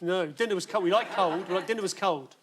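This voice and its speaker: A man's voice: sits high, fast talker, heavy background noise. A man on a comedy panel show in a TV studio, firing off throwaway joke guesses. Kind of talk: quick-witted panel-show banter. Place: TV studio with live audience.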